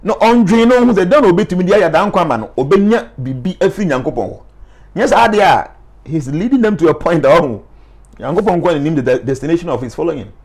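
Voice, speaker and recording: Emphatic Ghanaian man, fairly high voice. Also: animated, a little fast, darkish tone. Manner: emphatic, mixes English with Twi phrases. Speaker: life coach. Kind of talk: animated interview talk.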